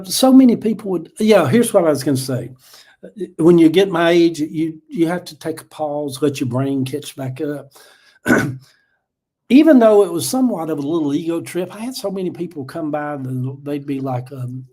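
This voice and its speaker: A man's voice: fairly high pitch, animated, normal speed, warm tone. An older man hosting a casual live chat, telling stories in a folksy, emotional way. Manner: folksy and emotional, addresses viewers as y'all. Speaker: livestream host.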